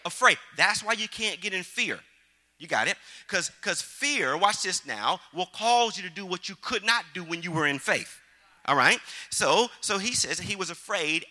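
A man preaching from the pulpit in a high, very bright and cutting voice. He works the congregation with call-and-response, dropping low to tell the story and rising to shout. The sound carries the feel of a church sanctuary. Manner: call-and-response preaching, frequent "you got it?". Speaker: pastor. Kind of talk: sermon.

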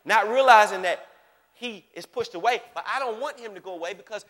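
A man preaching a sermon with animated delivery, swinging from hushed asides to shouts and often checking in with his listeners. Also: sits high, fairly quick, in a large hall. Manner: animated, repeatedly checks in with the audience.

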